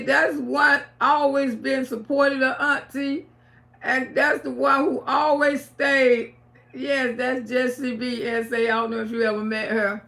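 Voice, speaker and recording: High gravelly woman live-streaming. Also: a bit bright. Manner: blunt, profane and emphatic, repeating phrases. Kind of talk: casual live-stream chat with viewers.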